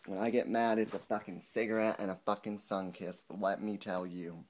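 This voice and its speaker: A man's voice: on the low side, level tone, normal speed, background noise. A young man ranting angrily to camera in a vlog, swearing a lot and mocking the people he quotes. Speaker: vlogger. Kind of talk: angry rant to camera.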